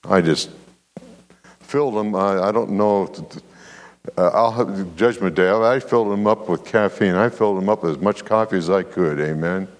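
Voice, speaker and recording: A man's voice: deep voice, moderate pace, long reverb tail. A man preaching a sermon as pastor, telling a story and calling for amens from the congregation. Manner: preaching with call-and-response amens, animated storytelling.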